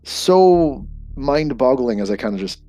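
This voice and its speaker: A man at a mid-pitched level chats as a player in a tabletop game. He rambles, loose and easygoing. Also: sing-song, a little slow, warm tone, faint music behind. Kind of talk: casual tabletop play.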